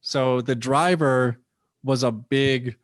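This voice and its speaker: A man's voice: mid-range voice, fairly even intonation, takes it slowly, no echo, clean studio sound. A young man, a comedian guest, casually telling a loose, profane story and acting out what people said.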